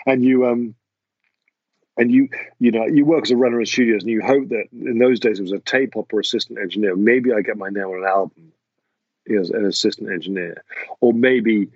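An English man, a music producer, answering interview questions in a halting way with many restarts. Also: fairly low pitch, a little mellow, breathy edge, no echo, highs cut off. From England. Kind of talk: casual interview talk.

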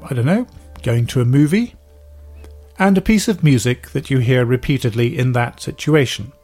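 A man, a podcast host talking through ideas about music in a thoughtful, measured way. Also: mid-range voice, gravelly. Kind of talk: explanatory talk about music.

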